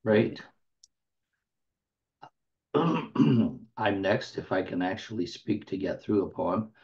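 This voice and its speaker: A man's voice: low-pitched, animated, darkish tone. A man in his seventies hosting an open mic, chatting in an easygoing way between poems. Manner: unhurried, gravelly, clears throat. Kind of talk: casual hosting chat. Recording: dull lo-fi audio.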